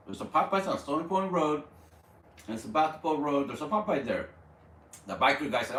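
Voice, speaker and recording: A man hosting a live stream, telling a story in a casual, animated way, stumbling over repeated words and dropping Spanish slang. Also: on the high side, brisk, pauses often. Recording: roomy, distant mic, faint background.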